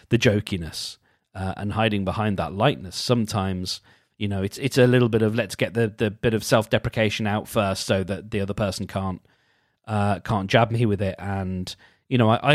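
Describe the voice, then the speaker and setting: A man hosting a casual solo podcast, reading passages aloud and commenting on them in a wry, self-deprecating way, often halting and restarting. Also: lowish voice, dry recording, clean studio sound. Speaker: podcast host.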